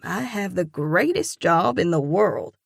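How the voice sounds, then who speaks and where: A kind, devout older mother , voiced by a woman narrator speaks in an earnest, encouraging tone, slow and unhurried, her voice sitting a little low. The sound is dry and close, with no room around it. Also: animated, gravelly, breathy edge, no room sound, full character voice. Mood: cheerful. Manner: warm, earnest and gently encouraging.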